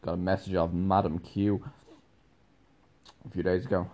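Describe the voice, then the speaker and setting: A man's voice: low voice, flat delivery, normal speed, mellow, a little hiss or hum. A young man telling a casual, rambling story, laughing often and filling his talk with "like". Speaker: podcast host, musician.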